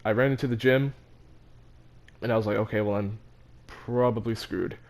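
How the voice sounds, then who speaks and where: A man's voice: on the low side, fairly even intonation, moderate pace. A teenage boy telling a story about his school in a casual, rambling, self-mocking way, with many fillers and restarts. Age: teens. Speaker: vlogger.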